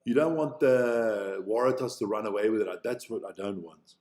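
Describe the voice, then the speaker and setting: This rugby-watching live-streamer speaks with a South African accent in a low-ish, slightly mellow voice at normal speed. He chats casually, thinks aloud and doesn't hold back on swearing.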